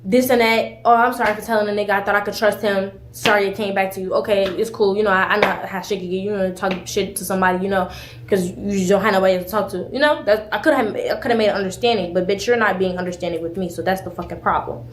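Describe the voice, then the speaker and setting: Fast-talking angry young woman ranting. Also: mid-range voice, steady tone. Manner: fast, angry, profane, acting out both sides of an argument. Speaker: streamer telling a story in a clip. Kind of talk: heated rant. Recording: echoey room with faint noise.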